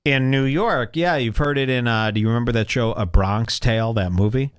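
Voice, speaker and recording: A man's voice: mid-range voice, fairly quick, clear, resonant tone, no echo, studio quality. A middle-aged man hosting a podcast, giving crude comedic commentary and mocking people by putting on voices for them. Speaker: podcast host.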